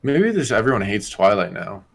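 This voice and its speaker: A man's voice: fairly low pitch, sing-song, normal speed, creaky, husky. A man co-hosting a casual esports podcast, laid-back and swearing now and then. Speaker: podcast co-host.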